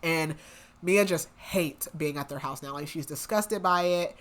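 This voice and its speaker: A young woman with a somewhat low voice talks through a story recap for a book podcast. She is casual and rambling, with lots of "like" and "um", and slips into the characters' lines as she goes. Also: measured pace. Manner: chatty, lots of "like" and "um", acts out quotes.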